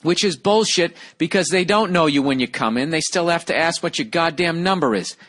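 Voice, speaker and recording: A man's voice: fairly high pitch, a little fast, a bit bright. Profane ranting man in a hotel room. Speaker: podcast host. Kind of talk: solo podcast monologue reading listener mail. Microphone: single microphone.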